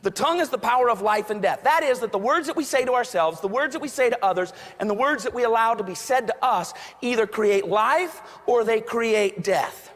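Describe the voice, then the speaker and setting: A man's voice: extremely high pitch, normal speed, hardly any pauses, a bit bright. A man giving a motivational talk to an audience, telling stories and acting out quoted voices. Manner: storytelling, acts out quoted voices. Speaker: motivational speaker. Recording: long hall reverb.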